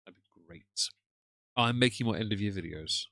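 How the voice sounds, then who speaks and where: Tired, sarcastic man with a low voice. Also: fairly quick, gravelly, fairly bright tone. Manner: sarcastic, lecturing. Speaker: streamer commenting on another streamer. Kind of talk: casual live-stream commentary.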